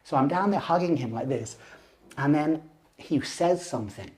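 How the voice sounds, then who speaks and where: A man in his forties, a lucid dreaming teacher and podcast guest, telling a personal story in an animated way. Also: fairly high pitch, normal speed. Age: 40s. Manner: animated, acts out voices and gestures while telling.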